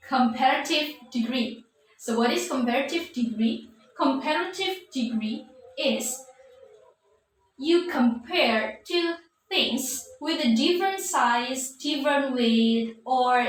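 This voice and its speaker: A woman teaching an English grammar lesson, patiently repeating points with fillers. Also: a little high. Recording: echoey room from far off, faint noise.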